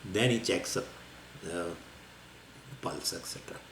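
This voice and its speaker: A man giving a scripture lecture as a spiritual teacher, explaining in a lively, wandering way with many fillers and small laughs. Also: deep voice, a little slow, creaky. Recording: echoey room with faint ambience.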